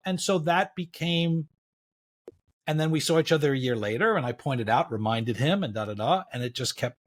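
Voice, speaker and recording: A middle-aged man with a slightly high voice tells a story as a podcast guest. He talks casually and acts out the other people's lines, filling gaps with "da, da, da.". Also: moderate pace. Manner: animated storyteller, acts out quotes, says "da, da, da".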